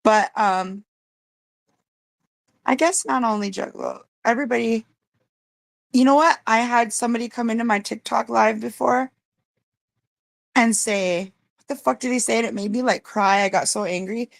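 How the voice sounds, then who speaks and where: A woman hosting a casual livestream, talking bluntly and rambling with plenty of swearing, her greetings to viewers jumping up high and excited. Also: normal speed, creaky, pauses often, dry recording. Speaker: livestream host.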